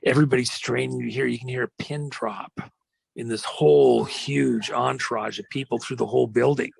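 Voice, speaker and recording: A man hosting a podcast, retelling an old story as a dramatic monologue with slow emphasis and frequent fillers. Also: mid-range voice, steady tone, dry recording. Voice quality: gravelly. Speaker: podcast host.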